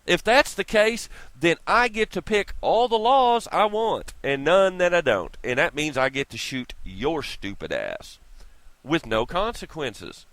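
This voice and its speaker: A man's voice: mid-range voice, a bit bright, dry recording. A man ranting in a vlog, irritated, profane and sarcastic, talking close to the mic. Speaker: vlogger. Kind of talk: profane opinion rant.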